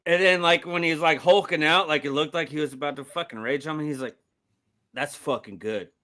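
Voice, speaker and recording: A man's voice: a little high, steady tone, fast talker, sharp tone. A man co-hosting a film podcast, telling stories in casual chat, swearing freely and laughing often. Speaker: podcast co-host.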